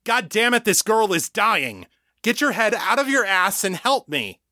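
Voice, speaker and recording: A man's voice: fairly high pitch, slow, no echo, clean studio sound, voice pushed up, exaggerated voice. A man voicing an urgent young man who barks commands in a storybook reading. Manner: shouting, commanding.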